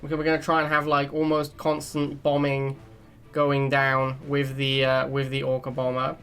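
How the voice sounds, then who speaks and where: A man's voice: mid-range voice, completely flat delivery, moderate pace, fairly bright tone, clean tone. A young man casually commentating a strategy game match, chatty and laughing at his own jokes. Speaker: gaming channel host. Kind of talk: live gameplay commentary.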